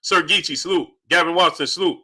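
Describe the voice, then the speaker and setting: A man hosting a live-stream boxing talk show from home, greeting viewers in chat and loudly acting out his own shouting at the screen. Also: on the high side, fast talker, husky. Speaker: boxing channel host.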